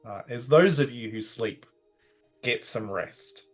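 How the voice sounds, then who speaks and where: A man's voice: medium pitch, takes it slowly, soft background music. Hesitant man running a tabletop game. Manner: hesitant, restarts with "like". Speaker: dungeon master. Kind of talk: game master narration and rulings.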